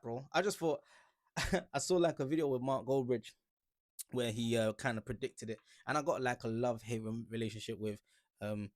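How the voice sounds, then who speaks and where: Laid-back football vlogger. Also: male voice, mid-range voice, darkish tone. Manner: laid-back and joking, rambling with slang and fillers. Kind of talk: casual reaction vlog.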